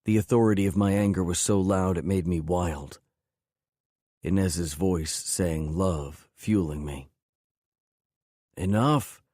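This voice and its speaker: A man's voice: deep voice, fairly even intonation, a little slow, mellow, no room sound. A man narrating an audiobook in first person, intense and brooding.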